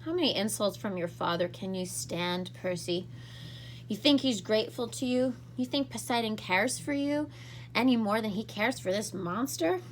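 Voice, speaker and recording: A woman voicing a smooth, scornful teenage boy villain in a storybook reading, with a mocking, persuasive manner. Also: medium pitch, moderate pace, slight background noise, pitched above the performer's own voice, lightly acted. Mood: taunting.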